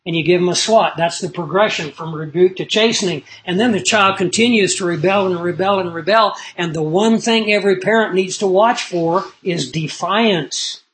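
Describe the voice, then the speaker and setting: High-voiced man preaching a sermon. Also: low-quality recording. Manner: earnest storytelling preacher, swings from loud emphasis to low asides.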